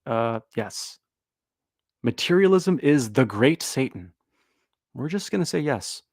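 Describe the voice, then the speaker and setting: A man's voice: mid-range voice, animated, takes it slowly, darkish tone, no room sound, clean studio sound. A man hosting a livestream, commenting casually in a sarcastic, joking way and now and then putting on mock voices. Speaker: host of a livestream.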